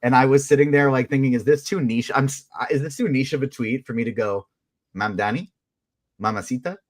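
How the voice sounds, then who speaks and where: A man's voice: mid-range voice, steady tone, quick pace. A man co-hosting a live fan podcast, chatting casually in a self-amused way with stumbling restarts. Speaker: podcast co-host. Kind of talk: casual recap chat.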